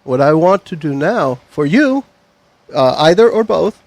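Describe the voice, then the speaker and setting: A man's voice: a little high, very animated, measured pace, darkish tone, no echo. A man narrating as game master of a tabletop game, loose and rambling, laughing easily.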